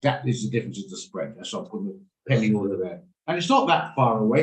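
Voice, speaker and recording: A man's voice: lowish voice, animated, fast. Man explaining trades in a roomy room. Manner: explanatory, checks in with attendees by name. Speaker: trading room host. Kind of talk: live trading lesson over video call. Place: home office on a video call.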